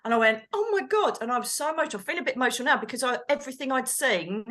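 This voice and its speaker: Animated woman telling a story. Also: fairly high pitch, racing. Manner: animated, acts out quotes, exclaims. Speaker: co-host, medium. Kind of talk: storytelling chat.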